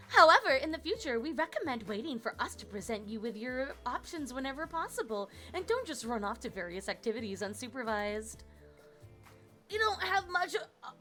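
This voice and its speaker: A woman's voice: high-pitched, bright, forceful tone, voice pushed up. A woman voicing a nervous, nerdy young male activities coordinator in a game, formal and stiff with a jittery edge.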